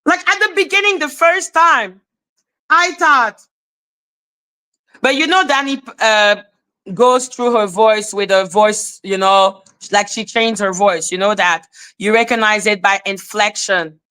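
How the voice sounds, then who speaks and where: A woman hosting a livestream, telling a story in a casual, animated, profane way, often laughing and breaking into shouts. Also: mid-range voice, unhurried. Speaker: host.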